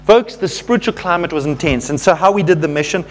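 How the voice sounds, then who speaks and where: High-voiced male preacher telling a story. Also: fast talker, a little hiss or hum. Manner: storytelling, addresses the congregation as folks, rising to fervent intensity. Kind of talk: sermon.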